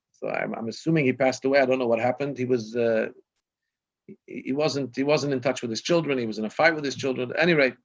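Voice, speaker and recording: A man in his fifties, a rabbi, telling anecdotes in a rambling storytelling way, with many restarts and self-corrections, on a video call. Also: mid-range voice. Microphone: video call microphone. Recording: dull lo-fi video call audio.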